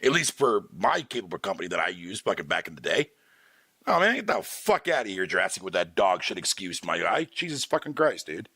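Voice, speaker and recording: A gravelly man with a bright edge rants on a livestream, his pitch swinging widely as he swears through his complaints. The sound is dry and close, with no room around it. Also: fairly quick, dry recording. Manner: profane, animated ranting with frequent laughter. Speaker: streamer. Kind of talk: casual livestream rant.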